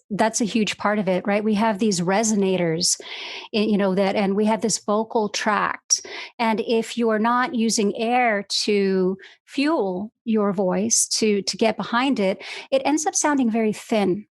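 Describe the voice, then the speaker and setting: A woman's voice: medium pitch, no echo. A woman voice coach explaining breathing in a casual podcast chat, talking fluidly with many "you know"s, over a video call. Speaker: voice and communication coach, guest.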